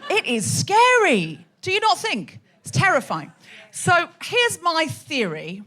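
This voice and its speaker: Lively, teasing woman hosting a comedy show. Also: very high voice, takes it slowly. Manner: chatty, teasing crowd work. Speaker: comedy podcast host. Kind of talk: live stand-up hosting to an audience. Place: hot theatre stage with a live audience.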